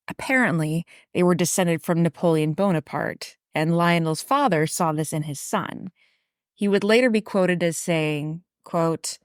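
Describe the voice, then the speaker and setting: A woman's voice: fairly low pitch, dry recording, clean studio sound. A woman hosting a podcast, narrating a scripted true crime and history story and reading from notes with casual asides and the odd slip. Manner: reads from a prepared script with casual asides and occasional slips. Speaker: podcast host.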